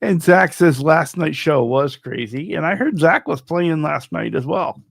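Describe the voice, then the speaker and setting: Man, podcast host, gravelly voice, slightly high, encouraging reactions. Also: lively intonation, measured pace. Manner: encouraging listener, short reactions, reads chat comments. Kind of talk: casual chat.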